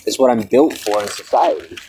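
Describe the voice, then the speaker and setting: A young man rambles to the camera in a solo vlog. His voice wanders from muttering to sudden high, raised outbursts. Faint background noise sits under the recording. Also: brisk, vocal fry, rough recording. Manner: rambling, swings between mumbling and loud high outbursts.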